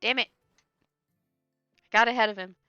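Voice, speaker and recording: A woman's voice: a little high, fairly even intonation, moderate pace, pushed and bright, smooth, no echo. A woman streamer giving casual gameplay commentary, laughing often and making sarcastic, teasing remarks. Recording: dull lo-fi stream audio with faint game music.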